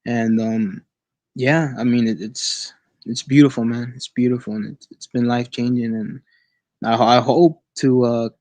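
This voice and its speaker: A man's voice: medium pitch, steady tone, darkish tone, no room sound. Man, casual storytelling guest, stumbling restarts, mid-range voice, dry sound. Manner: halting, with many restarts and repeated words. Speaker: guest sharing an experience. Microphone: online call.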